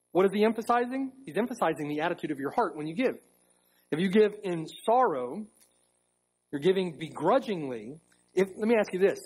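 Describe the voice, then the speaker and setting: Emphatic high-voiced preacher, husky tone. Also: male voice, poor audio. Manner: emphatic preaching, repeats key phrases, slows for stress. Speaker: pastor. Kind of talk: sermon. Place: church sanctuary.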